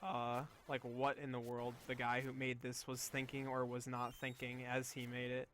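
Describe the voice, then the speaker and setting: A man's voice: medium pitch, monotone, moderate pace, fairly bright tone, a little hiss or hum. A young man streaming a game, chatting casually in a rambling, amused way full of fillers. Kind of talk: casual gameplay chat.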